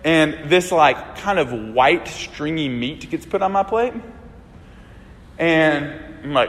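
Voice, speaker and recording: A man from a small town in Alabama preaches a casual, lively sermon, his voice sitting slightly high. He leans into storytelling, acting out the voices in the scenes he tells. The sound carries the long, ringing reverb of a big church hall. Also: slow pace. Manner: conversational and animated, acting out voices in Bible stories and anecdotes.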